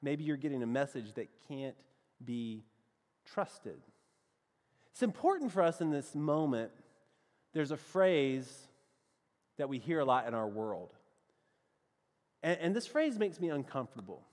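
A man with a Southern US accent preaching a sermon, telling a personal story in a lively, animated way and calling his listeners friends. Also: mid-range voice, measured pace, long pauses, big-room sound. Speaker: pastor.

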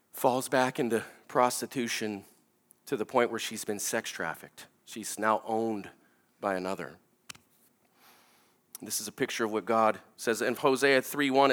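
Bright-voiced male pastor preaching passionately. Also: medium pitch. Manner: swings from hushed tender quoting to rising urgent appeals; repeats words and restarts when pressing a point. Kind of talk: sermon.

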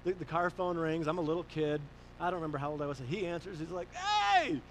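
A man preaching a sermon, telling stories in a lively conversational way, with restarts and rising emphasis on his questions. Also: on the high side, fast talker, a little hiss or hum, rough recording.

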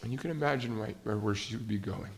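A pastor preaching a conversational sermon, pausing often with fillers and restarts. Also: male voice, on the low side, vocal fry. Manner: conversational, hesitant with many fillers.

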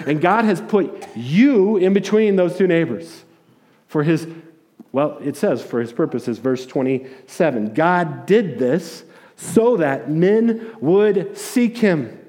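A pastor with a high-pitched, darkish voice preaches a sermon in a conversational, storytelling style. He often restarts his words and acts out the voices of people he quotes.

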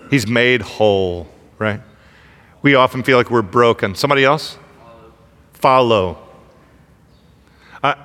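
A man's voice: mid-range voice, bright, forceful tone, smooth, big-room sound. A man preaching a sermon with energy, asking the congregation questions as he leads them through a reading. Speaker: pastor.

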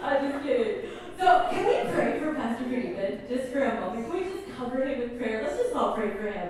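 A woman's voice: fairly high pitch, very animated, brisk, darkish tone. A woman pastor giving a chatty, enthusiastic sermon with storytelling and prayer at a church service. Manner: enthusiastic and chatty, many fillers. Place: church service in a comedy club venue. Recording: echoey hall from far off, faint noise.

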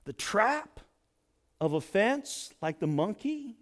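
A man preaching a sermon as pastor, dramatic, swinging from near-shouts to hushed asides. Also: very high voice, big pitch swings, extremely slow.

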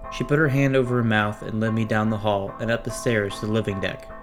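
A man's voice: lowish voice, steady tone, fairly quick. A man narrating a first-person horror story in a tense, dramatic way. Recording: narration over clear music. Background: music.

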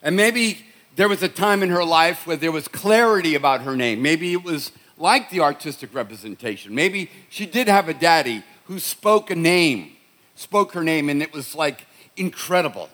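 Delivering a sermon like he's telling stories to friends, a middle-aged Boston pastor frequently starts his sentences over. His voice runs high, expressive and a bit bright, moving at normal speed, with a clear Boston accent.

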